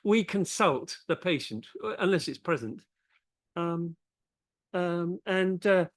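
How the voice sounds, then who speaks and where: Woman teacher going over english mistakes, slow and halting, lots of restarts, dry close sound. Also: lowish voice, animated, no echo. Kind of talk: spoken feedback on English usage.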